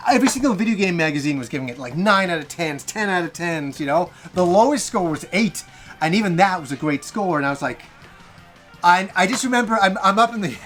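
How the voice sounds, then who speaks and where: A man in his forties with a high, bright-sounding voice, hosting a retro gaming show. He tells a nostalgic personal story in an eager, rambling way, often restarting his sentences. Faint music plays behind him. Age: 40s. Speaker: gaming channel host.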